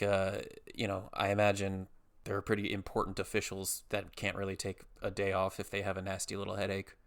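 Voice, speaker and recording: Low-voiced young man rambling comically. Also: a bit bright. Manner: rambling, self-mocking, acts out others in quoted voices; swears casually, slangy. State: tired after a migraine. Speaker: podcast host. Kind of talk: casual solo podcast monologue.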